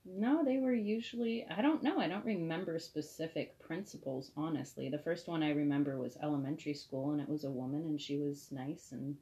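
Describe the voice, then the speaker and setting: A woman's voice: low-pitched, a little fast, hardly any pauses, warm tone, muffled recording. A woman co-hosting a casual chat about a TV episode. She is chatty and asks curious follow-up questions. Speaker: podcast co-host.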